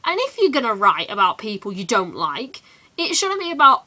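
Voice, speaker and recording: A teenage woman from England ranting in a casual vlog, animated and full of quick asides. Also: fairly high pitch. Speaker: vlogger.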